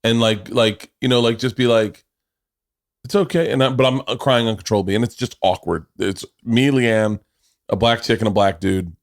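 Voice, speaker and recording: A man in his forties hosting a podcast, telling a loud, joking story and acting out the quotes. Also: on the low side, steady tone, moderate pace. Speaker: podcast host. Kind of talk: casual storytelling chat.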